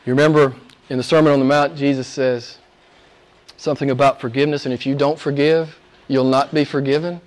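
A man preaching a sermon, rising to loud, high emphatic peaks and dropping to hushed near-whispers, with rhetorical questions and repetition. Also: flat delivery, brisk. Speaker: pastor.

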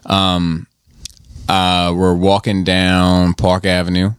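A man in casual podcast chat, an animated storyteller who swears freely. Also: low-pitched, takes it slowly, clear, resonant tone, no room sound, clean studio sound.

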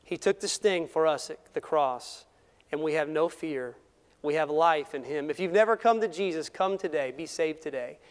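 A man preaching a sermon as pastor, passionate and rising in force, then falling to soft, quiet lines. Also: fairly high pitch, moderate pace. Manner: impassioned preaching with sudden drops to soft tones. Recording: long hall reverb.

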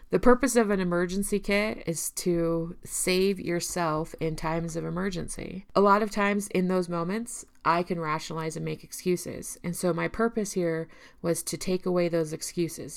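Earnest low-voiced woman with gravelly fry. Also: steady tone, moderate pace. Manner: earnest, encouraging, speaks directly to viewers; emotional at times, laughs softly. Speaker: recovery speaker. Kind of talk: personal talk showing her emergency kit.

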